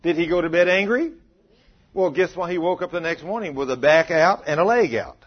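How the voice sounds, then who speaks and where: A man preaching a sermon, telling a story with animated delivery and calling out questions to his congregation. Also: a little high, fairly quick, highs cut off. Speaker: pastor.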